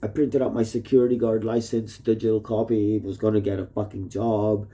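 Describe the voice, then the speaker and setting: A man's voice: on the low side, little pitch movement, a little fast, dark tone. A man recording a rambling video message to his wife at home on a phone, swearing constantly and jumping from topic to topic. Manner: heavy swearing, jumps between topics. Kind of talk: rambling casual monologue. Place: at home in a messy rented room. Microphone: phone plugged in nearby.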